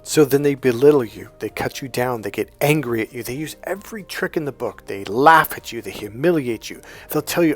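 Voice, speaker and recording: A man's voice: mid-range voice, very animated, brisk, soft background music. A man coaching in a casual motivational monologue, talking conversationally with frequent restarts and quoted dialogue. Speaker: dating and healing coach.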